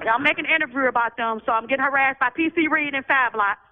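A woman's voice: sits high, fast talker, a little hiss or hum. A woman in prison calling in by phone, giving an urgent, agitated commentary with lots of repetition. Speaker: incarcerated person calling in. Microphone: prison telephone. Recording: tinny phone line.

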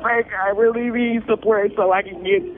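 A man with a high, steady voice makes an exhausted, emotional appeal for public support at a moderate pace, with nervous laughter between his words. He's on a phone call, and the line sounds tinny with faint noise.

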